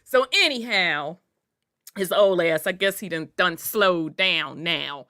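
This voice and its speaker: A woman's voice: on the low side, takes it slowly. A woman hosting a casual talk show, telling stories with lots of laughter and swearing, then reading news aloud. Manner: animated storyteller, laughs often, swears casually. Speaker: podcast host.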